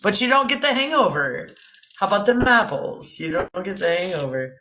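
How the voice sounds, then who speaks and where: A woman's voice: mid-range voice, very animated, normal speed, bright, forceful tone. A tipsy woman hosts a casual livestream. She teases her friends, laughs often and chats loosely with her viewers. There's faint noise behind her. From East Texas. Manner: playful, laughing, teasing. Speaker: livestream host. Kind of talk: casual live-stream chat.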